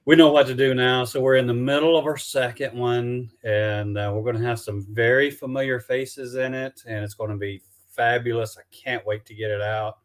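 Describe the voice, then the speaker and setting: Brief: Alabama man, Southern accent, mid-pitched, halting and chatty on a video call. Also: steady tone. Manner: halting, many restarts and fillers. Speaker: documentary filmmaker guest. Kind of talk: casual live-stream chat.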